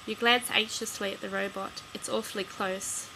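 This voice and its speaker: A woman reading a children's gamebook aloud as a storyteller, giving the dialogue lively emphasis. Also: medium pitch, normal speed, slight background noise, rough recording.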